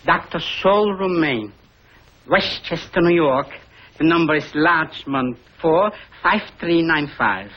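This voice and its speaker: Kindly older father, lively chuckling voice, lo-fi old TV sound with hiss. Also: fairly high pitch, slow pace, breathy edge, full character voice. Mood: excited. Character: kindly, excitable older family man. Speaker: family father and uncle. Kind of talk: 1950s TV sitcom acting. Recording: dull lo-fi 1950s TV audio with faint hiss.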